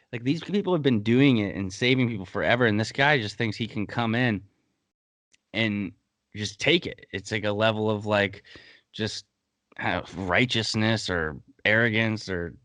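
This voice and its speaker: A man's voice: lowish voice, fairly bright tone, no room sound. A man hosting a casual podcast, breaking down a TV episode in a heated, blunt way and swearing freely. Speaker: podcast host.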